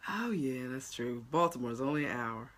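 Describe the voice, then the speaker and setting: Her bass voice keeps a moderate pace as she, a New Jersey life coach with a matching accent, casually addresses livestream viewers. The tone is blunt and animated, aimed right at the audience, with plenty of laughter.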